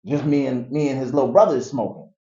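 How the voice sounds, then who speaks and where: A man telling his life story in a casual interview, animated and acting out the people in it. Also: medium pitch, quick pace. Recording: echoey, dull room recording.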